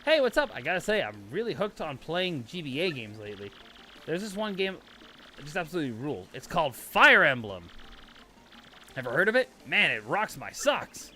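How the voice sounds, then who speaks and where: An excited young mushroom guy, as a man voices him from game text, eager and gushing, with a high, lively voice. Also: normal speed, slight background noise.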